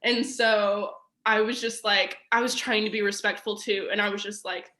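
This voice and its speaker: A woman's voice: mid-range voice, steady tone, moderate pace, pushed and bright. A young woman telling a personal story as a podcast guest, chatty and casual, full of "like" and fillers. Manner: chatty, filler-heavy with frequent "like" and laughs.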